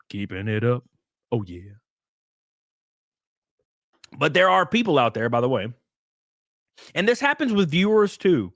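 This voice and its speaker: A man's voice: a little high, a bit bright, dry recording, clean studio sound. A man live-streaming, chatting casually with his viewers, swearing, laughing and thanking them as he goes.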